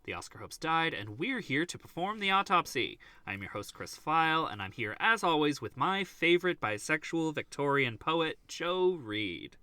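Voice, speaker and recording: A male podcast host talking casually and animatedly, joking and tripping over restarts. His voice is very bright and smooth. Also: a little high, big pitch swings, moderate pace, few pauses, no room sound. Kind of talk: casual chat.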